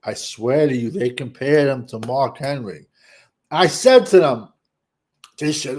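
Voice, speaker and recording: A man hosting a podcast in casual chat, ranting in an animated, exasperated way. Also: medium pitch, measured pace. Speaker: podcast host.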